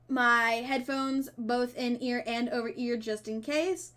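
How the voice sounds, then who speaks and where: A woman streamer reading a dating game's dialogue aloud, with playful asides and quick self-corrections. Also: on the high side, fairly even intonation, fairly bright tone. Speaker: streamer playing a dating sim. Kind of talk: reading game text aloud with casual commentary.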